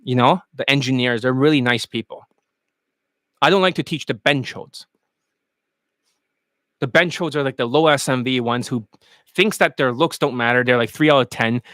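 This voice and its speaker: A man giving a coaching rant as a dating coach, crude, animated and mocking. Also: medium pitch, moderate pace, long pauses, no echo, clean studio sound.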